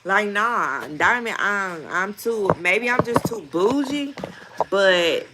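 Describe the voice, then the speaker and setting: Over heavy background noise, a vlogger reads viewer comments during a casual live chat. She's a mother in her thirties who speaks in an expressive, medium-pitched voice, takes it slowly, calls her viewers y'all, and laughs a lot.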